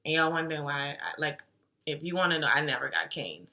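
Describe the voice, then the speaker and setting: A woman's voice: deep voice, lively intonation, brisk, gravelly, bright, forceful tone. A young woman telling a story in a casual, slangy, chatty way to her vlog audience. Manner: slangy and chatty, with lots of fillers like "like". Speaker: vlogger.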